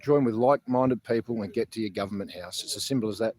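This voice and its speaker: A man's voice: on the low side, fast, a little mellow. An Australian man hosting a casual outdoor livestream, talking in an earnest, rambling way with many fillers and restarts. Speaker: protest livestream host. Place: outdoors in a public garden.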